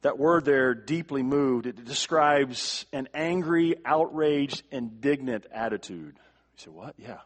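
Man, pastor, sermon, emphatic, repeats words, quiet to forceful, mid-pitched voice. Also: expressive, takes it slowly.

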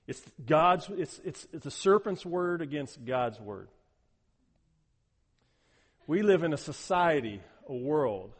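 A man's voice: fairly high pitch, lively intonation, measured pace, pauses often. Emphatic preaching man in a reverberant hall. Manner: emphatic, repeats words while building a point. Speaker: pastor. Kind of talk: sermon.

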